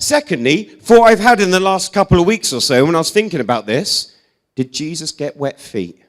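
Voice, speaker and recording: A man's voice: sits high, normal speed. A young English man preaching in a casual, chatty way. He tells humorous stories with lots of "like" and "um" and pokes fun at himself. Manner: chatty, self-deprecating, animated storyteller with many "like"s and "um"s. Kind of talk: casual storytelling sermon.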